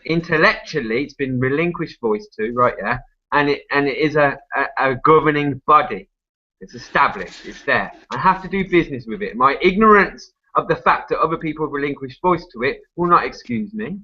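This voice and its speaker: A man's voice: fairly high pitch, animated, moderate pace, dull audio. A man, arguing at length in a casual group discussion, full of tag questions, restarts and swearing. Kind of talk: rambling casual argument.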